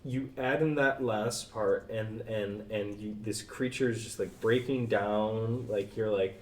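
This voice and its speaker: A man's voice: lowish voice, steady tone, measured pace, a little hiss or hum. A man narrating a tabletop game as game master, rambling with many fillers. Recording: roomy, distant mic.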